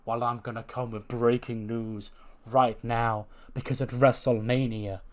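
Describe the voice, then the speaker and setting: A man voicing an imposing male wrestling general manager announcing a match deliberately. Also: medium pitch, steady tone, bright, forceful tone.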